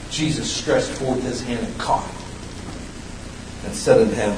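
A man preaching a sermon, swinging between loud, high bursts and low, hushed lines. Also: normal speed, long pauses, noisy background. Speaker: pastor. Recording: roomy echo, mic at a distance.

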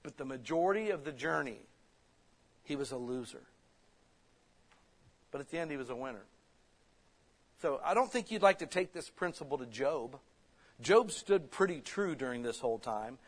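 A man preaching a sermon, conversational and animated, acting out voices as he tells stories. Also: mid-range voice, moderate pace, pauses often, husky. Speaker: pastor.

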